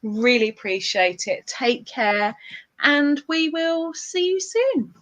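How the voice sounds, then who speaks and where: A woman's voice: on the high side, expressive, takes it slowly, fairly bright tone, muffled recording. A woman hosting a casual livestream chat, giggly and chatty, often laughing. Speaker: livestream host.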